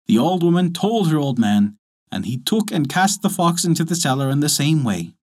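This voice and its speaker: A man narrating a folk tale as storyteller, lively and expressive. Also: a little high, normal speed. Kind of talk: scripted narration.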